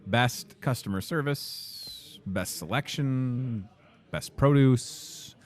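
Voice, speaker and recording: A young man hosting a grocery store's daily video, energetic, jokey and rambling, recorded in the store. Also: mid-range voice, takes it slowly. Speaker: host.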